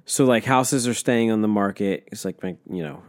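A man's voice: lowish voice, normal speed, darkish tone. Blunt, swearing young man. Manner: blunt, swears often, talks over the other speaker. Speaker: podcast co-host. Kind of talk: casual chat.

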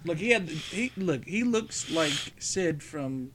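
A man in casual chat, reacting to his co-host's retelling with quick jokes and comments. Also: on the high side, animated, fairly bright tone, a little hiss or hum. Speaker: podcast co-host. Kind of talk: casual movie recap chat.

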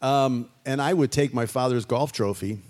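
A Chicago musician in his sixties, appearing as a guest in a casual interview, tells his life story in a reflective, rambling way. His mid-range voice is a little mellow and moderately paced.

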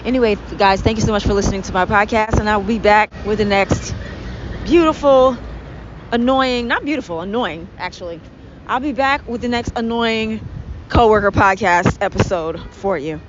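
A woman's voice: mid-range voice, moderate pace. A woman hosting a solo podcast, ranting sarcastically and with exasperation, swearing as she goes. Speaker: podcast host. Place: indoors near a street with honking cars. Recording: dull lo-fi home recording with faint traffic.

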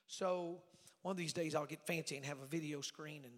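A middle-aged man preaching a storytelling sermon in a folksy way, swinging from loud preaching to hushed asides. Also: fairly high pitch, steady tone, fairly quick. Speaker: evangelist preacher. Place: church sanctuary. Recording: reverberant church hall.

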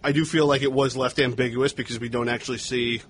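A man's voice: medium pitch, fairly even intonation, fast, a bit bright, slight background noise. A man co-hosting a podcast, recapping a film's plot and giving blunt opinions, swearing casually. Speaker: podcast co-host. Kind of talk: casual movie discussion.

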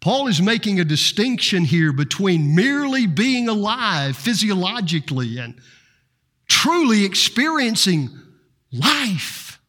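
A man preaching a sermon, slow and dramatic, with repeated refrains and rhetorical questions. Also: high voice, very animated, fairly bright tone. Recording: reverberant hall.

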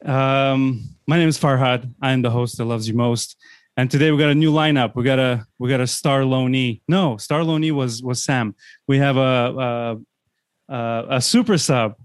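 An energetic man hosts a football podcast in a casual chat, often restarting his sentences. His pitch sits in the middle range. The sound is close and dry. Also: moderate pace, smooth, dry recording. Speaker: podcast host.

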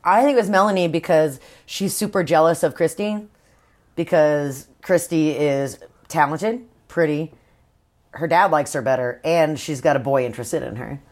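A woman's voice: low voice, normal speed. A woman co-hosting a casual book discussion, swearing freely and acting out the characters' lines. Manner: profane, animated, acts out characters' lines. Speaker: podcast co-host.

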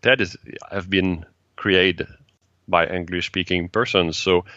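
French-Canadian man, deep slow and dry. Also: steady tone, pushed and bright, no echo, lo-fi sound. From Quebec, Canada. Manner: halting, searching for English words, light laughs. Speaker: guest, event organizer. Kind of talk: casual interview chat.

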